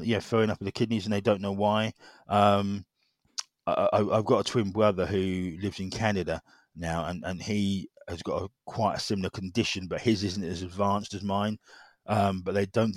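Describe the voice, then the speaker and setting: A middle-aged man speaks as an interview guest in a very low voice. His talk is halting, full of repeated words and fillers. The sound is dry and close. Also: no echo. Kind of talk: personal story in conversation.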